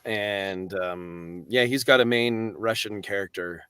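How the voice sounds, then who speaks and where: A man's voice: on the low side, takes it slowly, sharp tone, clean tone, no room sound. A man who narrates audiobooks, chatting on an online panel in a wry, self-deprecating way. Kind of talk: casual panel chat. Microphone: video call.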